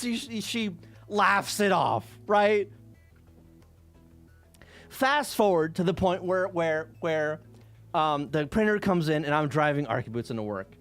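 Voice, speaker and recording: An animated man streamer tells casual stories in a fairly high voice that rises and falls a great deal. He swears freely and laughs often. Faint music plays in the background. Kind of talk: casual storytelling on a live stream.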